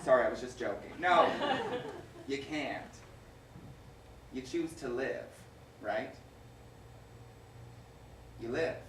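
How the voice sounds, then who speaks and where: A woman's voice: extremely low pitch, takes it slowly, long pauses, crowd noise. A woman playing a wistful middle-aged male theatre fan, talking to the audience in a confiding, chuckling stage monologue. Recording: echoey stage recording from far off with loud noise.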